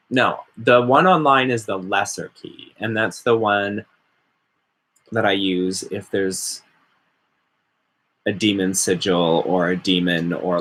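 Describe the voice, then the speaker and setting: A man's voice: on the low side, a bit bright, husky. A man hosting a casual, rambling chat while stoned, often mock-quoting other people. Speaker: host.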